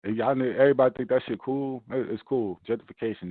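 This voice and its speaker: A man ranting profanely in casual chat, animated and forceful. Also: medium pitch, fast talker, no room sound. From Brooklyn, New York. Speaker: podcast host. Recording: dry tinny phone-like sound.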